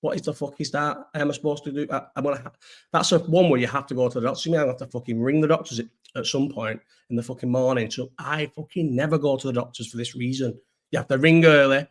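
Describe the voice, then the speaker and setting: A man's voice: medium pitch, steady tone, fast. A young man chatting casually on a livestream, rambling and swearing, with a sore throat. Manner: rambling, sweary, restarts often. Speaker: host.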